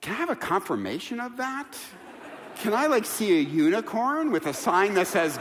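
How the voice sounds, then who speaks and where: A man preaching a sermon as pastor, telling stories with lively, acted-out quotes. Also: high-pitched, moderate pace. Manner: animated storytelling, quoting people in voices. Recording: long hall reverb.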